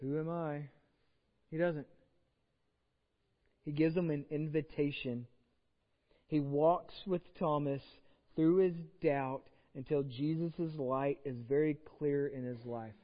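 Here a man preaches slowly, leaving long pauses, his voice on the high side and steady in tone. As pastor he keeps the sermon conversational and self-deprecating, dramatizing quotes as he goes. Long hall reverb from the church sanctuary colors the dull recording.

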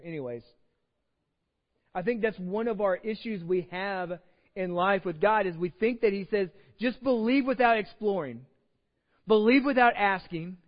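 A man preaching a sermon as a pastor, conversational and self-deprecating, acting out quotes as he goes. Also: high voice. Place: church sanctuary. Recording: dull sound with long hall reverb.

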